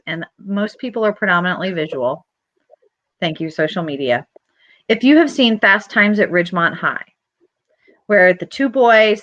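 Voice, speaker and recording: A woman hosting an astrology show, chatting casually and telling animated stories with acted-out quotes. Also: fairly low pitch, no room sound, dull audio. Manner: animated storytelling, acts out quotes in a rising voice.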